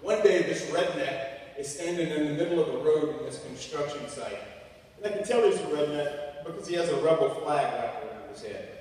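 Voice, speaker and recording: A man in his forties from Louisiana giving a sermon-like talk and telling a humorous, animated story. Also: mid-range voice, a little hiss or hum. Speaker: guest speaker. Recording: echoey hall from far off.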